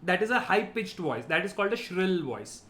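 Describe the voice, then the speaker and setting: A man's voice: high voice, big pitch swings, moderate pace, fairly bright tone. A man giving a vocabulary lesson, explaining each word and checking in with "right?". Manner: explanatory, repeats key words, ends points with "right?". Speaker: teacher.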